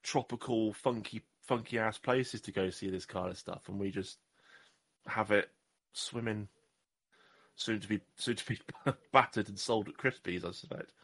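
In casual podcast chat, a co-host from southwest England rambles and makes jokes about himself. His voice is lowish and a bit bright, and he keeps a moderate pace.

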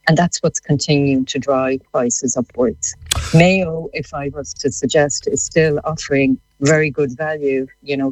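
An Irish woman speaks as a guest expert in a radio interview. She explains in a measured way, using a few you-knows, and the studio sound is dry. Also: very deep voice, no echo, poor audio.

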